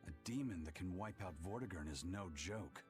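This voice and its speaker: A man's voice: sits low, lively intonation, moderate pace, faint music behind. A man voicing a curt, serious adventurer in a video game.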